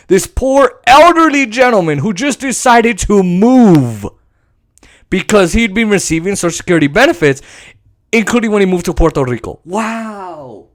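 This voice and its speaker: Man, podcast host, sarcastic, profane, highly animated, fairly high voice. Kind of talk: ranting political commentary.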